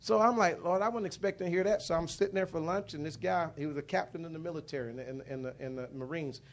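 A middle-aged man shares his testimony from the pulpit, his voice sitting a bit high for a man. He rambles and restarts often, circling back through the story with plenty of fillers. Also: quick pace. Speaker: minister. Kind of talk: personal testimony in a sermon.

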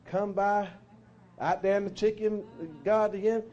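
High-voiced fervent preacher. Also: male voice, level tone, moderate pace, highs cut off. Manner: fervent storytelling, swelling to shouts. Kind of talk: sermon.

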